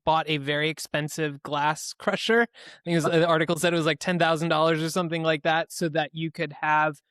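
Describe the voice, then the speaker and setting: Chatty podcast host, higher male voice. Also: level tone, a little fast, a bit bright, smooth, no room sound, studio quality. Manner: conversational, asks long rambling questions. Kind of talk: interview questions.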